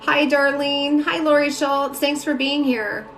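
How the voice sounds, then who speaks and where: Woman, chatty live-stream reader, fairly high voice, roomy echo, faint music behind. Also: steady tone, a little slow, a bit bright. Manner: chatty, greets viewers by name, frequent fillers. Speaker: spiritual reader and mentor. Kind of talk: casual live-stream chat. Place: home room.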